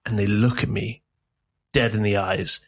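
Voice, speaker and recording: A man from South Africa and England, a podcast guest in casual chat, telling lively stories, swearing freely and laughing often. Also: fairly low pitch, unhurried.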